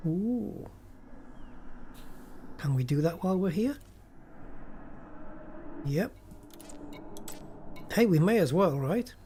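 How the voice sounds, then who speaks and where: A man with a mellow, slightly raised voice talks his way through gameplay. He thinks aloud in a loose, chatty commentary. A faint hum sits behind him. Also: sits high, animated, slow pace, pauses often. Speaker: gaming channel host.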